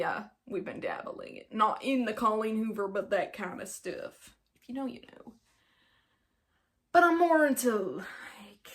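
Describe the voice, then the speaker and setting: A woman's voice: mid-range voice, sharp tone. Giggly rambling young woman podcaster. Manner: rambling, giggly and self-mocking; puts on an accent in places. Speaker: podcast host. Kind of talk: casual solo podcast chat.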